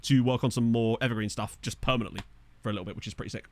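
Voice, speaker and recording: In a rapid-fire, fairly even delivery, a man with a medium-pitched, darkish voice streams a game and reads viewer comments. He sounds tired, rambling casually and self-deprecatingly with lots of filler words.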